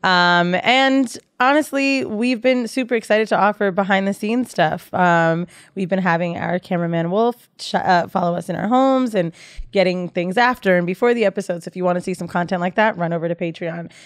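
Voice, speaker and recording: A woman's voice: fairly low pitch, normal speed, no echo, studio quality. A woman co-hosting a podcast, upbeat as she plugs the show and asks teasing questions. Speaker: podcast co-host. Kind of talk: casual podcast chat.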